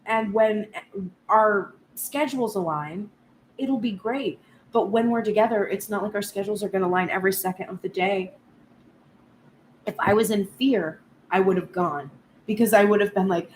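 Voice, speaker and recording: A woman's voice: mid-range voice, normal speed, long pauses, darkish tone. Earnest woman reading tarot in an echoey room. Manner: reflective and earnest, speaking at length. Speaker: tarot reader. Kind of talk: spoken tarot reading vlog. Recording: echoey room with faint background noise.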